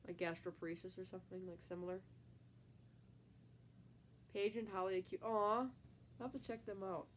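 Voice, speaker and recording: A woman's voice: medium pitch, fairly even intonation, moderate pace, a little hiss or hum. A young woman from the Midwest with a Midwestern accent, stuffy from a cold, chatting casually with viewers on a live stream while reading comments, rambling with lots of fillers. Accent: Midwestern American. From American Midwest. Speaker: livestream host.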